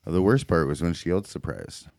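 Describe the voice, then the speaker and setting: A man's voice: sits low, big pitch swings, moderate pace. A man co-hosting a casual podcast, making wry teasing remarks. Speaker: podcast co-host. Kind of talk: casual chat.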